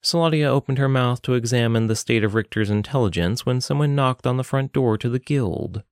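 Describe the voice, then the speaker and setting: A man narrating an audiobook with an expressive reading. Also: medium pitch, a little fast, dry recording, clean studio sound.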